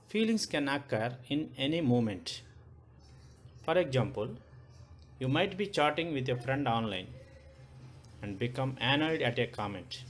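Slow, lively-voiced Indian male teacher. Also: medium pitch, slight background noise. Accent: Indian English. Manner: asks many questions, repeats points. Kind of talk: classroom lesson to children.

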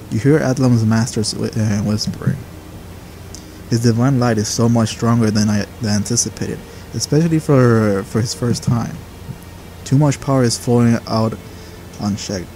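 A man's voice: mid-range voice, moderate pace, dark tone, slight background noise. A man casually playing through a game and reading its dialogue aloud, with offhand asides. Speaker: gaming channel host.

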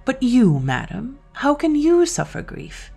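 A woman reading an audiobook, voicing an earnest, lovestruck young male doctor in a measured way. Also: fairly high pitch, huge pitch swings, vocal fry, a little mellow, husky, faint music behind, pitched above the performer's own voice, exaggerated voice.

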